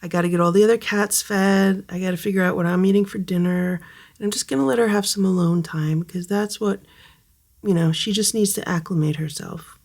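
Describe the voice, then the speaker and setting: Casual home vlogger, woman, mid pitch with a gravelly edge, soft coaxing baby talk to a scared kitten. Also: fairly quick. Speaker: cat rescue vlogger. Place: home, indoors by a cage.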